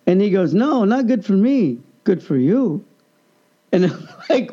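A man with a high, gravelly voice tells a long personal story in a relaxed chat. His tone is mellow and dark. He acts out everyone he quotes, and the sound is dull and lo-fi. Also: a little slow. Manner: animated, acts out the people he quotes. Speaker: guest telling a story. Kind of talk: casual storytelling.

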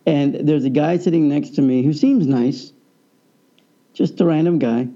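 A man telling a personal story in a casual conversation, animated and acting out the people he quotes. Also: fairly high pitch, a little slow. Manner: animated, acts out quoted voices. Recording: dull lo-fi sound.

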